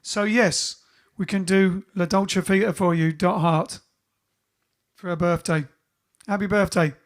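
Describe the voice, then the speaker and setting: Guy, fairly high voice, unhurried, chatting on a home livestream, reading out hellos from viewers. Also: fairly even intonation. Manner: chatty, reads out viewers' greetings one by one. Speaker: bandleader and livestream host. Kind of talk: casual livestream chat. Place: home during lockdown.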